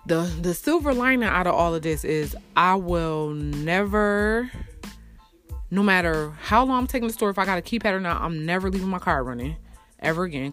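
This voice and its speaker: A single mother tells a personal story in an angry storytime rant, furious and swearing about her day. She sounds heated and exasperated, swinging between shouting and low muttering.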